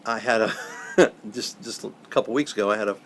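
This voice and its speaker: An older man, a professional Santa, telling a moving story in an interview, earnest and halting, often repeating words. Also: on the low side, fairly bright tone, slight background noise.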